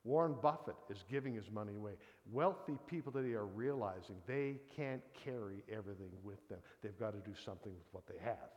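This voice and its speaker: A preacher in his sixties speaks briskly, with hardly any pauses, in a low, slightly mellow voice whose highs are cut off. His conversational sermon unfolds as a folksy personal story sprinkled with "kind of thing" asides. The sound carries the long reverb of a big hall.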